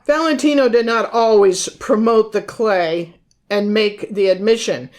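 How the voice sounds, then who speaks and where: A woman co-hosting a podcast, reading aloud from her own book and old news clippings in a measured way, naming and quoting her sources. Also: medium pitch, darkish tone. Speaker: podcast co-host and author. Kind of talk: reading aloud from research notes.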